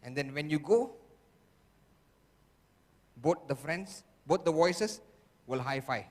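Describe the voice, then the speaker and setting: Slow, emphatic male seminar speaker in a hall. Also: fairly high pitch. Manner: checks in with the audience constantly; acts out the voices he quotes. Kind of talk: motivational seminar talk. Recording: long hall reverb.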